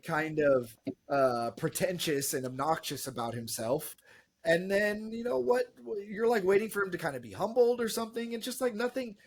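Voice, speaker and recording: A man's voice: sits high, slight background noise. A man co-hosting a podcast, reviewing a film in casual, rambling chat full of fillers.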